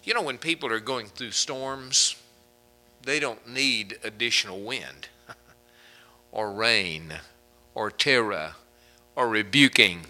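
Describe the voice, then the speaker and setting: A man's voice: lowish voice, slow, long pauses, sharp tone, poor audio. A man preaching a sermon as pastor, folksy and conversational, chuckling between points.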